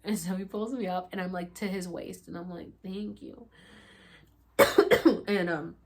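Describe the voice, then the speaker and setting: With a lowish voice, a measured pace, and some vocal fry, a young woman vlogger recounts a story to camera. Her delivery is casual and animated as she acts out her earlier words, laughing, crying, and swearing casually.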